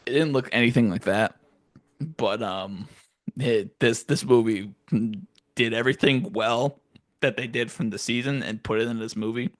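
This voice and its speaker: A man co-hosting a podcast in casual chat, animated and profane, acting out scenes in silly voices. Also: mid-range voice, moderate pace, no room sound. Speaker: podcast co-host.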